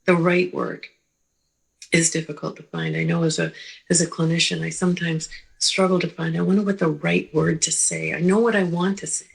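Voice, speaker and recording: A woman clinician giving a slow, gentle teaching talk, pausing often and checking in with the listener. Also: lowish voice, little pitch movement, creaky, husky, poor audio. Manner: slow, gentle, with pauses and repeated "right?".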